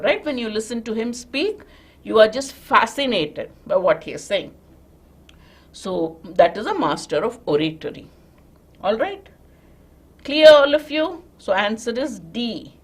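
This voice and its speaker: Female Indian English teacher, slightly high voice, walks students through answers. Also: breathy edge. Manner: explains step by step, checks in with students. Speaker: vocabulary teacher. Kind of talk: live online class.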